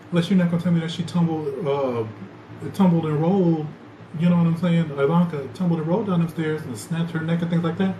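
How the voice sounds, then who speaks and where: A man hosting a podcast, rambling loosely in animated, slangy casual chat. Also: a little high, fast talker. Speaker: podcast host. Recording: echoey room with loud ambient noise.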